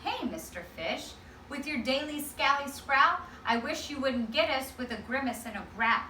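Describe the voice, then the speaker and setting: Woman reading as a gentle drifting jellyfish. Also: high voice, animated, moderate pace, a little hiss or hum. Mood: chiding. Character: gentle floating male jellyfish. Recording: echoey classroom from far off.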